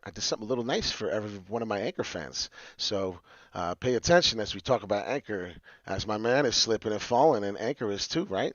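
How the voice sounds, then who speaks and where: Brief: excitable male chart-vlog host, animated swooping delivery, dry dull lo-fi sound. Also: on the low side, dry recording. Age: adult with a young child. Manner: excitable, swings into loud rants. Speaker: crypto chart video host. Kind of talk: casual crypto chart talk to camera. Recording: dull lo-fi audio.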